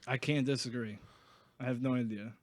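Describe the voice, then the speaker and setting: A man's voice: medium pitch, steady tone, normal speed, no room sound. A man in easy, joking chat as a podcast guest, recorded in a room in a house. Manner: easygoing, agreeable, jokey. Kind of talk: casual chat.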